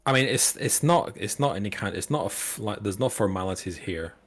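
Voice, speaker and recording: A man running a tabletop game as game master, narrating the scene loosely with many pauses and restarts. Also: lowish voice, lively intonation, fairly bright tone. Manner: loose, full of fillers and restarts.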